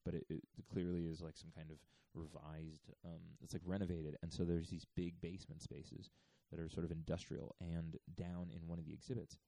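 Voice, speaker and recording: A man's voice: deep voice, level tone, a little fast, gravelly, few pauses, mellow, no room sound. A man in his thirties casually telling a story, rambling with lots of fillers. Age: 30s.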